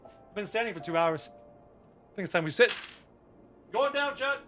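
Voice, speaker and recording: A man's voice: a little high, a little fast, a bit bright, faint music behind. A man streaming a game live, chatting casually with his viewers in a playful, teasing, self-mocking way.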